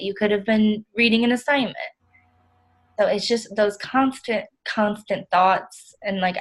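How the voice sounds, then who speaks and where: A woman's voice: mid-range voice, close to an everyday voice, rough recording. A young woman playing an overwhelmed, self-critical counseling client, rambling with many "like" fillers in a role-play.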